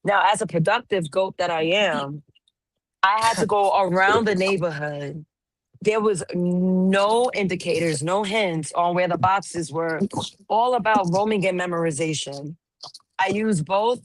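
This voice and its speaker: A slightly hoarse woman chatting casually as a call-in panelist, teasing playfully as she tells stories. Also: lowish voice, measured pace. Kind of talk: casual chat.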